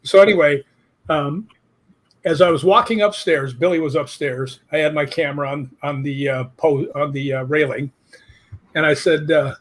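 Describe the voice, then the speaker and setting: Older man, husky, fairly high voice, casual guest telling rambling anecdotes. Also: normal speed. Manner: rambling anecdotes with asides, quotes his own questions. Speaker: guest ghost hunter. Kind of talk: casual interview storytelling.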